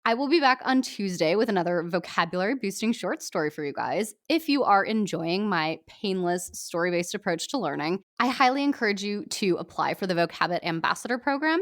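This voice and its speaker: A woman podcast host reading a short story aloud in a lively, upbeat scripted narration. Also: medium pitch, fairly quick, hardly any pauses.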